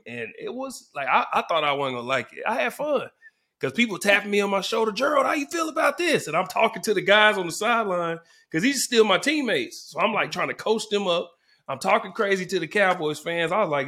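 A man, a former football player, telling stories in casual sports talk and acting out the fans around him. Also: a little high. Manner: animated storyteller, acts out fans in the stands.

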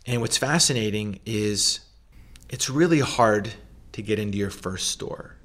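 A middle-aged man in a casual interview, telling the story of starting his food company, animated and acting out other people's lines with plenty of fillers. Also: fairly low pitch, measured pace. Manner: animated, acts out quoted voices, many fillers. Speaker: food company founder, guest.

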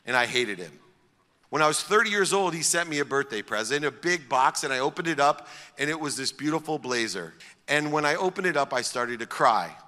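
A man tells a personal story with strong feeling and builds it toward a point. His voice is bright and pushed forward. It rings with the long reverb of a large hall. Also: a little high, lively intonation, a little fast. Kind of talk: storytelling talk.

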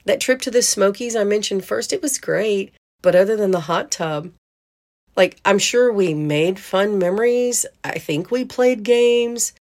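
A woman's voice: mid-range voice, unhurried, a little mellow. A woman hosting a podcast, telling a story in a chatty way and laughing as she goes. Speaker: podcast host. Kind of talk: casual storytelling monologue.

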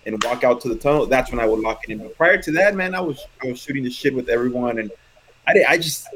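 A man and former pitcher telling stories in casual chat, acting out quoted lines. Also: animated, fast talker, fairly bright tone, slight background noise, poor audio. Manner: loose storyteller who acts out quotes.

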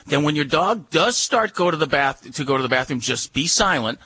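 A man's voice: fairly high pitch, a little fast, sharp tone, a little hiss or hum. A man giving dog training advice on a radio call-in show, folksy and repetitive as he coaches.

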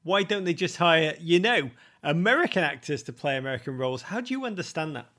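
A male podcast host whose voice runs quite high. He asks his questions with open enthusiasm and admiration. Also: lively intonation, fairly quick, bright, forceful tone. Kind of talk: interview questions.

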